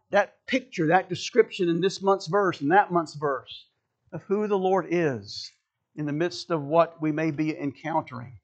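A man's voice: high-pitched, muffled recording. A male pastor preaching a sermon, emphatic and conversational, repeating key phrases for stress and turning to the congregation with asides.

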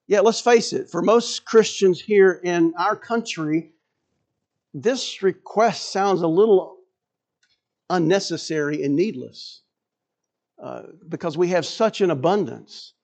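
A man's voice: high voice, darkish tone. A man preaching a sermon in a conversational way, restarting phrases and asking rhetorical questions. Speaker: pastor.

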